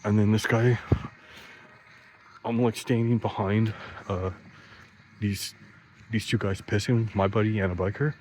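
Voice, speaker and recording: A man's voice: lowish voice, steady tone, unhurried, pauses often, a little mellow, slight background noise, rough recording. A man telling rambling stories in a casual monologue, full of "like" and restarts, swearing freely and laughing at his own jokes. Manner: swearing freely, voice jumps up when quoting himself.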